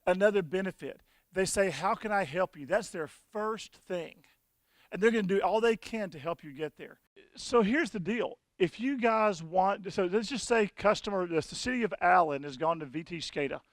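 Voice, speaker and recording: Gravelly high-pitched man presenting at a conference. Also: animated, moderate pace, no room sound. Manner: folksy, conversational, addressing the audience directly. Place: conference session room.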